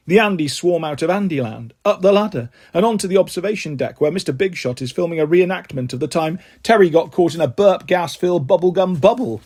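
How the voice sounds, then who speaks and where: A man reading a children's book aloud in an animated way, jumping to higher voices for the characters. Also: brisk, hardly any pauses, slightly rough. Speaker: storybook reader.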